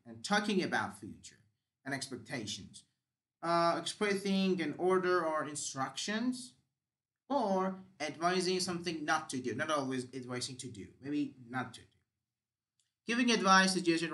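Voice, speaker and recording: A man's voice: fairly high pitch, fairly bright tone. A man teaching English grammar, explaining step by step with examples and the odd "uh".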